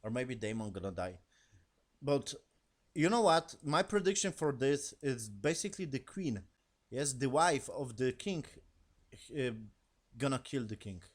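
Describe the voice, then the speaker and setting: A man giving a casual spoken review of a TV episode in non-native English, rambling and profane, animated as he retells scenes. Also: medium pitch, unhurried, long pauses.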